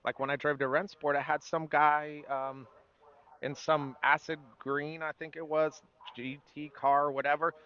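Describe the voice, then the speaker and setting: A man's voice: medium pitch, pushed and bright, clear, resonant tone, lo-fi sound. A man at an event telling a casual, rambling story, with fillers. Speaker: event attendee. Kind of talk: casual anecdote.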